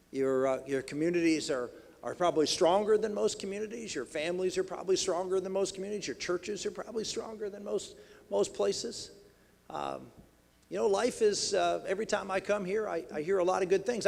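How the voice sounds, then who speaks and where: Gravelly middle-aged man addressing a banquet hall. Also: sits high, a little mellow. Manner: rambling, many restarts and fillers. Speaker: politician giving a banquet address. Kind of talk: folksy speech.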